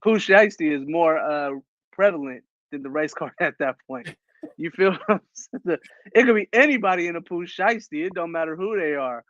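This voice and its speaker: A man co-hosting a casual podcast, relaxed and slangy, laughing often as he talks. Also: on the high side, moderate pace, dry recording. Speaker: podcast co-host. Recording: dull lo-fi mic.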